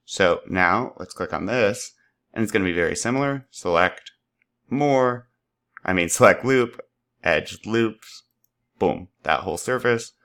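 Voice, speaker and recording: A man walking through a software tutorial, upbeat and playful, making little sound effects as he works. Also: lowish voice, lively intonation, a little slow. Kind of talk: screen-recorded tutorial.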